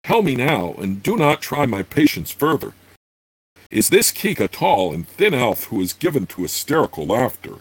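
A man's voice: medium pitch, sing-song, normal speed, husky, no room sound. A man voicing a stern male elf warrior who coldly threatens a captive, as he reads a fantasy novel aloud. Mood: menacing. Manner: cold, threatening, commanding.

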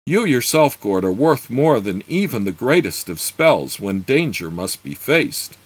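A man voicing a wise male bard who speaks slowly and cautions his friends. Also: big pitch swings, breathy edge, no room sound. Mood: counseling. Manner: slow, higher, gently cautioning.

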